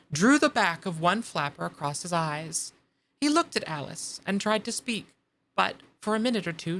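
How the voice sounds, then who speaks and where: A woman's voice: lowish voice, a bit bright. A woman streamer narrating a classic storybook aloud, with casual asides between passages.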